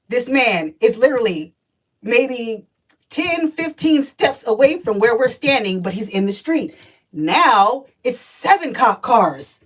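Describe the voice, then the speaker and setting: A woman telling a personal story on a livestream, animated and profane, talking straight to her viewers. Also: fairly high pitch, far from the mic, low-quality recording.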